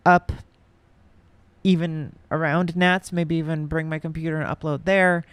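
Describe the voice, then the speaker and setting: A man hosting a podcast in casual chat, rambling with many pauses and restarts. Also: a little high, flat delivery, a bit bright, clear, resonant tone, no room sound. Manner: rambling, lots of ums and restarts. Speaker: podcast host.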